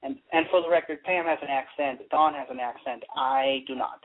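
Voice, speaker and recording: A man's voice: mid-range voice, fairly even intonation, fairly quick, crowd noise. A man joining a casual radio chat as a guest, making wry jokes. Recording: tinny phone-like radio line.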